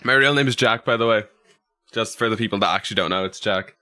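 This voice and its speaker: A man's voice: on the low side, quick pace, sharp tone. A young Irish man chatting on his livestream, reading out chat messages and rambling through funny stories. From Ireland. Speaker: streamer.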